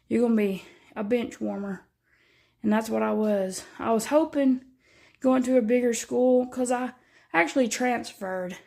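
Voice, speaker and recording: A woman's voice: fairly high pitch, vocal fry, a little mellow. A woman in her thirties with a Southern US accent, chatting in a rambling, homey way while filming a vlog at home. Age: 30s. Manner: rambling, chatty, says "y'all". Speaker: vlogger. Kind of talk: casual chat.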